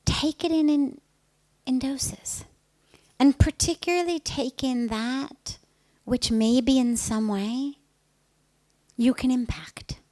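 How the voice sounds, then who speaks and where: A middle-aged woman, a spiritual teacher, telling a personal story in an earnest, emphatic way that often softens to a breathy hush. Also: high voice, takes it slowly, long pauses, dry recording.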